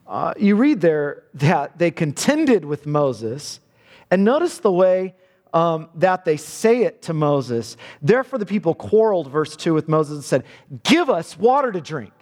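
A man's voice: on the high side, big pitch swings, measured pace, darkish tone, in a large hall. A man preaching a sermon, earnest, often repeating words as he builds a point.

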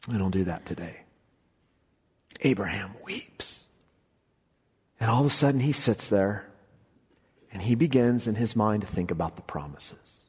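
A man preaching a sermon with emphatic delivery, swinging between soaring and hushed moments. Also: mid-range voice, slightly rough. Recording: dull lo-fi audio with long hall reverb.

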